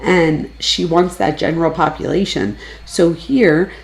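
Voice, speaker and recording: A woman's voice: low voice, fairly even intonation, measured pace, gravelly. A woman giving casual, analytical true crime commentary, chatting freely and lifting her voice when she quotes people.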